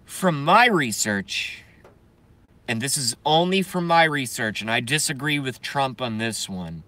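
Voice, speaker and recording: A man ranting angrily and profanely while reading viewer comments, swinging between yelling and mumbling. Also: medium pitch, lively intonation, measured pace. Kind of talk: angry political rant and comment reading.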